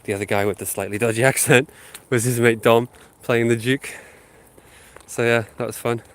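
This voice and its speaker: Here a man with a mid-range voice speaks at normal speed in a steady tone. He's a channel host with a sniffly head cold from a sinus infection, rambling live to viewers with many ums as he walks his dog outdoors through a housing estate, holding his phone.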